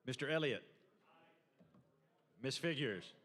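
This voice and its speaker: A man serving as senate secretary, calling the roll name by name in a measured, even delivery. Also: medium pitch. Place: large legislative chamber. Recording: long reverb of a large hall.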